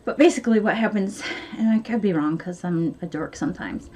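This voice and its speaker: A woman's voice: medium pitch, a little fast, darkish tone. A woman vlogging from home in a rambling, chatty way, full of fillers. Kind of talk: casual chat to camera.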